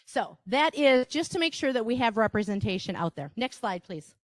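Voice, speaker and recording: A woman's voice: fairly high pitch, big pitch swings, moderate pace, no room sound, studio quality. A woman with a Wisconsin accent giving a live workshop presentation, chatty, with asides and rhetorical questions to the audience.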